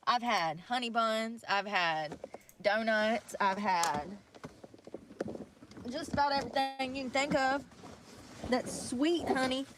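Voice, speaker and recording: A woman chats live to her viewers in an unhurried, drawling way, rambling and swearing freely while out of breath. She is outside in the snow by a river, talking into a handheld phone, with a faint hiss underneath. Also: fairly high pitch, expressive. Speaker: vlogger. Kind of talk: casual livestream chat.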